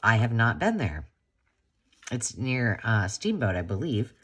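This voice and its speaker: Husky, lively-voiced woman crafter chatting. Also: rumbling low, unhurried. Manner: chatty, gushing, exclamatory. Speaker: crafting channel host. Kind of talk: casual unboxing chat.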